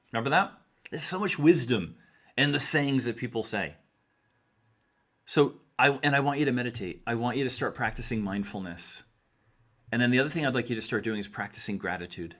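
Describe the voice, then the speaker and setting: A man's voice: medium pitch, fairly bright tone. A middle-aged man giving earnest, direct advice to his listeners, coaching them and repeating key phrases for emphasis. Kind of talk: direct-to-camera advice talk.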